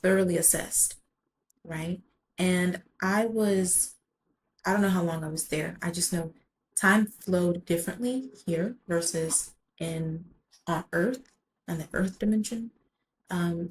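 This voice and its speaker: A woman's voice: on the low side, darkish tone, slight background noise, poor audio. A woman vlogger telling a personal story in a rambling way, full of "like" and casual swearing.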